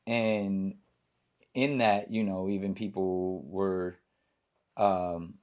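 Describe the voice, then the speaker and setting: Animated man hosting a chat. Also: sits low. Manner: animated, laughing bursts, halting with fillers. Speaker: podcast host. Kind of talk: casual interview chat.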